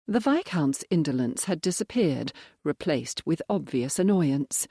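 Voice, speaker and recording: Measured audiobook narrator, dry sound. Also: mid-range voice, expressive, dark tone, dry recording. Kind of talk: scripted narration.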